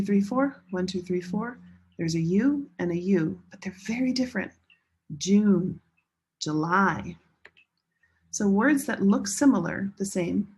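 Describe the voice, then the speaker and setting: A woman teaching English pronunciation in a classroom lesson, slowly modeling each word and stressing syllables with care. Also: medium pitch, a little mellow. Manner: slow, deliberate modeling of words with clear stress.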